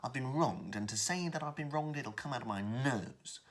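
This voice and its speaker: A man's voice: mid-range voice, lively intonation, moderate pace, voice pushed up, close to an everyday voice. A man putting on a snide, aggrieved older brother for a historical audiobook, with a pinched nasal tone. His voice sits well above the performer's own and sounds affronted, as if forever wronged.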